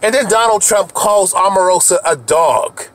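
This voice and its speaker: A man's voice: high voice, normal speed, a bit bright. A man delivering an angry, profane rant to camera as a video commentator, heated and repetitive, often restarting his sentences.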